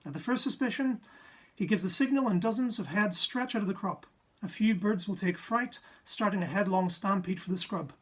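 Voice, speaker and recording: Picture a gruff old army major reading out a field report in a formal, measured way , as a man does the voice. The voice is husky. He sounds matter-of-fact and firm. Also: high-pitched, a bit bright.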